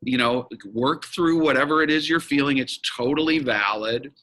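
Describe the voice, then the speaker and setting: A man's voice: medium pitch, moderate pace, fairly bright tone, low-quality recording. A man speaking as an interview guest, a business coach and facilitator who talks frankly and emphatically and swears now and then. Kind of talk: candid interview conversation.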